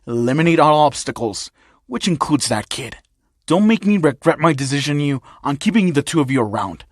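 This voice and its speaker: A man's voice: on the high side, lively intonation, brisk, dry recording, clean studio sound. A man voicing an arrogant male gang boss in a fan-made story reading, barking orders with scorn. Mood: scornful.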